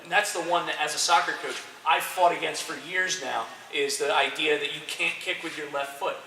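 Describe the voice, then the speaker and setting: A man coaching young soccer players, giving an energetic, direct motivational talk to a group and checking in with frequent "okay"s. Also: a little high, a little fast, vocal fry. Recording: roomy echo, distant mic, faint noise.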